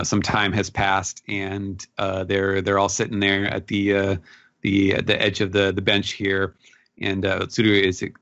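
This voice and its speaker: Podcast co-host, lowish man, relaxed and halting, slightly dull lo-fi mic. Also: no room sound. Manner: halting, many fillers and restarts. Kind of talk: casual manga recap chat.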